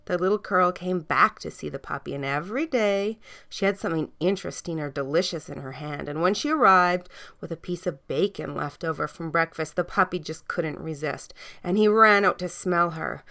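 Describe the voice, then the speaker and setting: Woman gently reading a children's story. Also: on the low side, moderate pace. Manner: gentle, soft storytelling, dropping to a hush at times.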